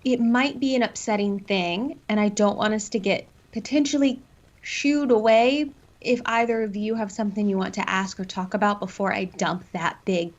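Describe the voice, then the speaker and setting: A woman's voice: mid-range voice, fairly even intonation, normal speed. A woman playing a tabletop game, talking in a chatty, hesitant way that keeps breaking off. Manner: chatty, hesitant, self-interrupting. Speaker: player. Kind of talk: in-character tabletop play. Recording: lo-fi call audio.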